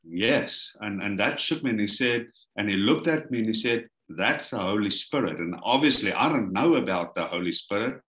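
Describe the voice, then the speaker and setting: A man's voice: fairly low pitch, moderate pace, hardly any pauses. A middle-aged man with a South African accent recounts his testimony as a guest. He slips into the voices of the people he quotes, and the room has an echo. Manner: animated storyteller acting out quoted voices. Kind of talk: storytelling interview.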